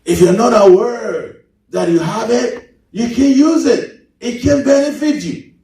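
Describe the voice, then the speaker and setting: Male pastor, high voice, preaching, big swings in pitch, echoey church hall, mic far off. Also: a little slow, warm tone. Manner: preaching with sudden pitch swings, mimicking congregants. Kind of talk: sermon.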